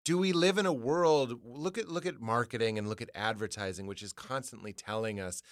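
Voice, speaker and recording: A comedian in an interview, thinking aloud, swearing casually, and jumping into loud high voices when he quotes people. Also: a little fast, no room sound, studio quality. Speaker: comedian guest. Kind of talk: candid interview conversation.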